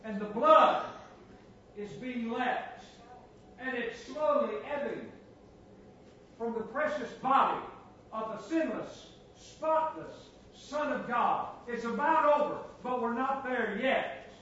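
A man preaching in a strikingly high, bright voice, slow and deliberate with long pauses. He swings from near-whispers to booming cries and hammers phrases by repeating them. The recording sounds dull and lo-fi. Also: a little hiss or hum. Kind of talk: sermon.

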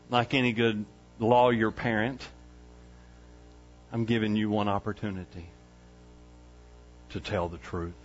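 A middle-aged man preaching a sermon, swinging from loud excitement to hushed quiet. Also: medium pitch, dull audio. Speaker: pastor.

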